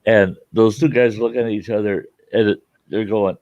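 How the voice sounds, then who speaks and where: Host, man, lowish voice, rambling storyteller, dull dry recording. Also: steady tone, normal speed, few pauses, a little mellow, no echo. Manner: rambling storyteller, laughs at his own retellings. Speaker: show host. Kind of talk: casual chat.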